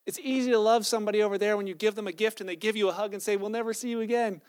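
A man's voice: high-pitched, steady tone, very fast, smooth, no room sound, clean studio sound. A man, a pastor with children, giving a sermon in a loose, conversational storytelling way, often restarting his sentences. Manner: conversational storytelling preaching, self-correcting.

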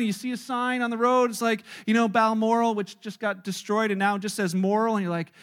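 A man's voice: very high-pitched, little pitch movement, fairly quick, few pauses, fairly bright tone, clean tone. A middle-aged man, a pastor, giving a casual, conversational sermon and acting out the voices of the people he quotes.

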